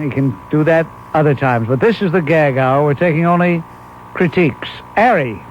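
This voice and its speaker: Male talk radio host, gruff and blunt, fairly high voice, muffled old AM broadcast. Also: moderate pace, a little hiss or hum. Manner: gruff, dismissive, blunt scoring of callers.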